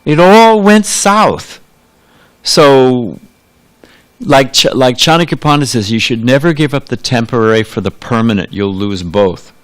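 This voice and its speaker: A man delivers a sermon in a temple hall, with a voice of ordinary middle pitch. He talks casually and loosely, with frequent restarts and side remarks as he tells a story to his listeners. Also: expressive, measured pace. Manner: conversational, rambling with asides and restarts. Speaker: preacher.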